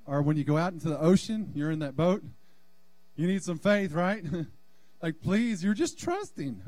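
A man with a high-pitched voice preaching in a church sanctuary. He delivers a fervent sermon and keeps calling on the congregation to answer back. The sound is close and dry, with little room echo. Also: dark tone. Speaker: pastor.

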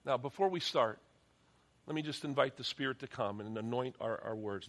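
Here a middle-aged man serves as pastor, giving a sincere sermon in a church sanctuary before guiding the congregation in prayer. His mid-range voice moves at an ordinary pace, and he frequently restarts sentences by repeating words.

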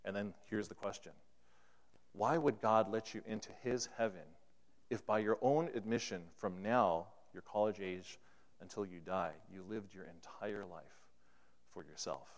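A man's voice: fairly low pitch, measured pace. A man preaching a sermon to his congregation, acting out the voices in a story as he goes. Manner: acts out dialogue in an anecdote, voice rising and falling. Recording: long hall reverb.

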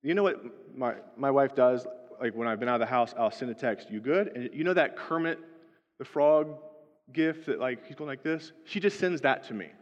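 A male pastor with a mid-range voice preaches a sermon at a moderate pace in a conversational way, often checking in with "right?". The audio is dull and lo-fi, with long hall reverb.

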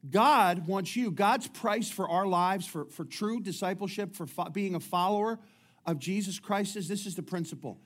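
A man's voice: sits high, moderate pace, fairly bright tone. A middle-aged man preaching a sermon, talking in a chatty way with jokes and many restarts. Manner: conversational preaching with humorous asides and frequent restarts. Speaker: pastor.

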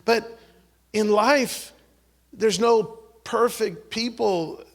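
A man preaching a sermon, swinging between loud exhortation and hushed, whispered prayer, acting out the voices he quotes. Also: high-pitched, extremely slow. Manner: acts out quoted voices, repeats words and restarts.

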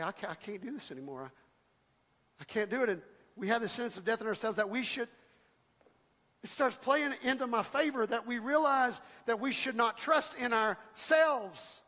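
High-voiced preacher shouting in a reverberant hall. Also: male voice. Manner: impassioned, rising to shouts; calls for congregation responses. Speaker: pastor. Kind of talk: sermon.

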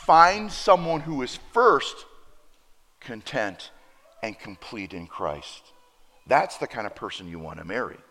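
A man preaching a sermon, telling a personal story and acting out both sides of the dialogue with lively emphasis. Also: medium pitch, measured pace. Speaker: pastor. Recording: preacher in a reverberant hall.

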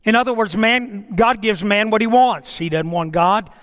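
A man's voice: high-pitched, normal speed, fairly bright tone, clean tone, in a large hall. A middle-aged man, a pastor telling a story in a sermon with emphatic, dramatic delivery.

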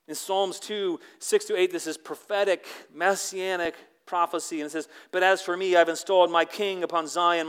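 A man preaching a sermon, earnest, moving between forceful emphasis and hushed, reverent lines. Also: on the high side. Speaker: pastor.

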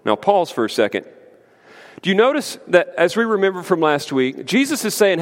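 A man preaching a sermon as pastor, emphatic and conversational, with lively asides to the congregation. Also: high-pitched, moderate pace. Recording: long hall reverb.

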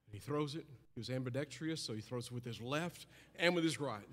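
A man preaching a sermon with impassioned delivery, rising high and loud, then dropping low and hushed. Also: fairly quick. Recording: long hall reverb.

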